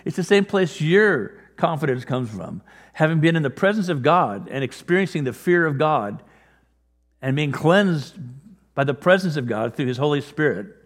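A man preaching a sermon in a conversational way, growing animated as he acts out scripture. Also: fairly high pitch, normal speed. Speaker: pastor. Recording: long reverb of a large hall.

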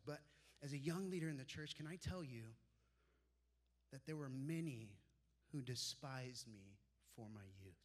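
A pastor in his forties preaching a sermon. He tells personal stories and drops soft and low when he quotes his mentors.

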